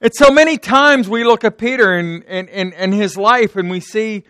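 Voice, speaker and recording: A man's voice: high voice, moderate pace, sharp tone, smooth, no echo, clean studio sound. A man with a slight sore throat, preaching an unscripted sermon in church, often repeating words and restarting sentences. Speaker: pastor. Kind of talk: off-the-cuff sermon.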